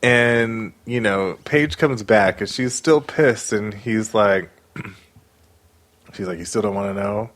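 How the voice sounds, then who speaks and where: A man co-hosts a podcast, casually recapping a reality show in a slow, fairly low voice. He retells it in an animated way, acting out the quotes.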